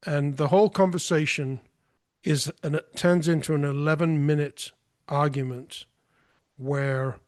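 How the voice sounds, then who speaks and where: A man's voice: fairly high pitch, dry recording. A man talking as a podcast guest, telling a story in a forthright, emphatic way. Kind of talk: casual storytelling.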